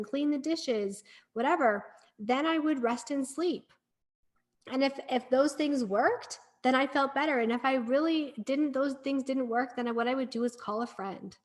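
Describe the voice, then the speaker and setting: A middle-aged woman with a voice pitched a little high, speaking as a guest on a podcast. She tells her story in an earnest, encouraging way and sounds conversational and sincere. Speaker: podcast guest, breathwork practitioner.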